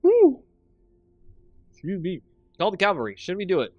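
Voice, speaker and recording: An excitable male streamer thinking out loud through his card picks and bantering with chat, his pitch leaping up and down as he gets hyped. The sound is close and dry, with soft music playing underneath. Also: fast talker, no echo, muffled recording. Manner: excitable, chatty, thinks aloud and laughs a lot. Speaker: streamer and channel host. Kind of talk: casual game commentary with chat.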